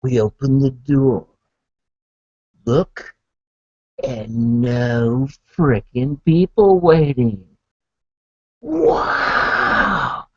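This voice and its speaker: A man's voice: medium pitch, drawn-out words, long pauses, mellow, no room sound. A man telling a comic story as a host in character, with laid-back hippie slang, referring to himself in the third person. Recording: dull lo-fi recording.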